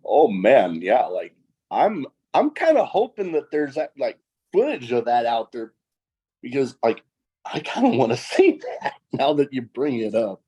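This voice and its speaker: Laid back podcast host guy, talks slow, laughs along a lot. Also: medium pitch, slightly rough. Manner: relaxed, laughs along, short reactions. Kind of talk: casual chat.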